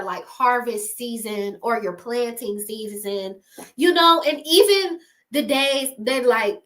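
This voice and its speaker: A woman's voice: on the high side, a bit bright. A young woman talking casually to camera, giving emphatic, slangy motivational advice with frequent laughs.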